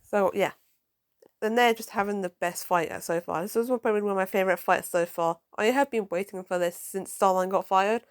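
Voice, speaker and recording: A woman casually reviewing a comic book, excitable and prone to swearing, who stumbles and corrects herself while reading lines aloud. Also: medium pitch, brisk, clear, resonant tone.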